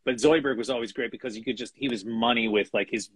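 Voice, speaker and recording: A man's voice: medium pitch, steady tone, fast, fairly bright tone, breathy edge, no echo. A middle-aged man, a guest animation writer, chatting casually in an interview with many restarts, fillers and small chuckles.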